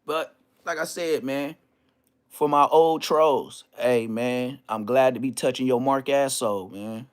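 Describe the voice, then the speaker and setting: A man's voice: mid-range voice, takes it slowly, smooth. A middle-aged man, boasting and taunting his critics in a vlog rant full of street slang. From Inglewood, California. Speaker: vlogger. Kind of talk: trash-talking vlog rant.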